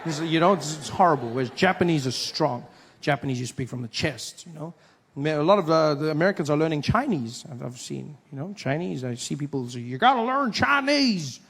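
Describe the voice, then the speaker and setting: A man doing stand-up comedy, chatty and riffing. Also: on the high side.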